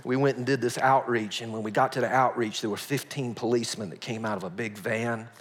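A male pastor preaching a sermon in a folksy storytelling way, swinging from hushed asides to loud outbursts. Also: medium pitch, steady tone, a little fast. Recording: long reverb of a large hall.

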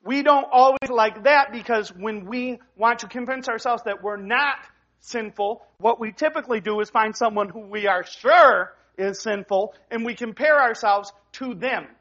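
A man preaching to his congregation in an easygoing, talky way, stopping to restart phrases and tossing in "right?" as he goes. His voice sits high for a man. The recording sounds somewhat dull and lo-fi. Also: normal speed, a bit bright. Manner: conversational preaching with frequent restarts and "right?" tags. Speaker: pastor. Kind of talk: sermon.

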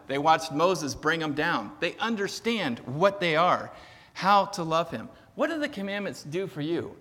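A man's voice: high voice, sharp tone, long reverb tail. A man preaching a sermon in a casual storytelling way, with self-deprecating humor. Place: church sanctuary.

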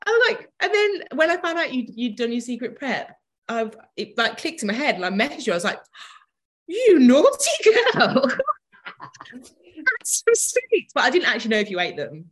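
A woman's voice: on the high side, big pitch swings, fast talker, a bit bright. A young adult woman in casual chat, teasing and laughing often as she recalls shared moments. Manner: giggly, teasing.

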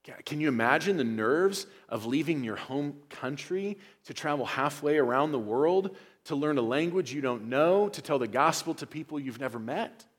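A male pastor preaching a sermon in a church, moving from quiet, low passages to loud, emphatic ones. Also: lively intonation, moderate pace. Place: church sanctuary.

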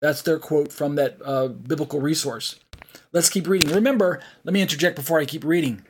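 A man with a somewhat high voice leads an online Bible study lesson. He reads passages aloud and breaks off often with fillers and restarts to explain them. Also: a little fast, noisy background. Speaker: Bible teacher.

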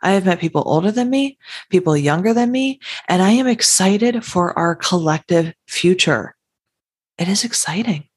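A woman with a low, husky voice hosts a podcast alone. She speaks in an earnest, heartfelt and emphatic way. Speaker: podcast host. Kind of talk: solo podcast monologue.

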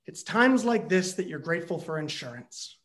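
An older father, steady and matter-of-fact, gently reminding his son of something obvious, as a man quotes him in a story. The voice is kept ordinary and even, a practical dad's calm, not a character turn. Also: fairly high pitch, moderate pace, voice pushed down.

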